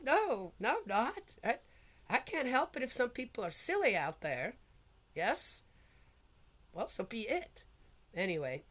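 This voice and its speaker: A woman who chats in a rambling way, often checking in with her listeners, then reads scripture slowly and steadily. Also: fairly high pitch, fairly bright tone. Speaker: Bible reading vlogger. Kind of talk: casual chat and Bible reading.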